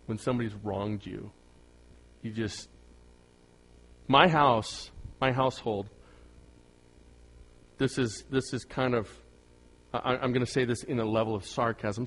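A man's voice: lowish voice, fairly even intonation, moderate pace, pauses often, fairly bright tone. A middle-aged man preaching a conversational sermon, joking with the congregation and rising to emphatic bursts. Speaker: pastor.

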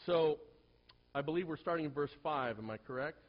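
Man preaching a sermon, husky voice, animated storytelling, muffled lo-fi recording. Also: on the high side, fairly quick. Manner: animated storyteller, swings from quiet to loud. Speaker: pastor.

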